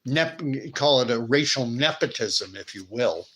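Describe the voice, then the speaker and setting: A man's voice: medium pitch, expressive, unhurried, a bit bright. A man from Canada and the United States with a Canadian accent, hosting a casual live stream where he wanders off on tangents and reads viewer chat messages aloud. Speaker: host.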